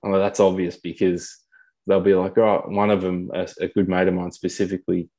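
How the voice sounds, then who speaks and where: Deep gravelly man, blunt and casual. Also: flat delivery, brisk, mellow. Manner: blunt, swears casually, says "mate" often. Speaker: podcast guest. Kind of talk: candid conversational storytelling.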